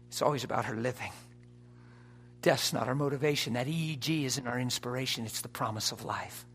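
A man preaching an impassioned sermon, dropping to a hush and rising to shouts. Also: mid-range voice, brisk, breathy edge, soft background music. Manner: impassioned, swings from hushed to shouting.

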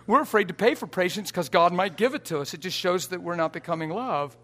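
A man preaching a sermon to a live audience in a church, emphatic, swinging from soft asides to loud exhortation and often laughing and urging the crowd on. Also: high voice, brisk. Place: church or conference hall before a live audience.

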